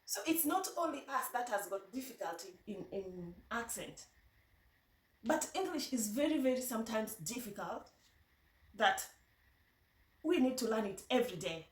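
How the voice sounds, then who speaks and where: A woman with a Luo accent talking in a casual vlog, telling stories in a chatty, halting way and often restarting her sentences. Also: fairly high pitch, sing-song. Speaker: vlogger. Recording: echoey room, voice from a distance.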